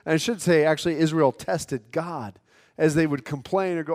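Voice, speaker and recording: A male preacher with a fairly high voice delivers an earnest sermon, doubling back on his words as he goes. A long reverb hangs after his phrases, as if he is speaking in a large hall. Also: steady tone, normal speed, a little mellow. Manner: earnest, repeats words as he restarts. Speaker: pastor.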